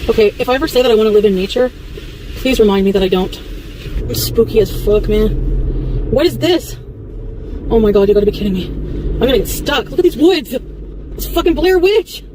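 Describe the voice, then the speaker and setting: At night, a woman vlogs from inside her car while driving, swearing a lot and talking jittery and nervous to her viewers. Her voice is medium-pitched and warm, and the car interior makes the clip noisy.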